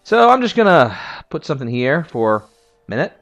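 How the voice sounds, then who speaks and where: A man's voice: fairly high pitch, very animated, brisk, fairly bright tone. A man giving casual, opinionated video essay commentary as a game history reviewer. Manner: opinionated and conversational.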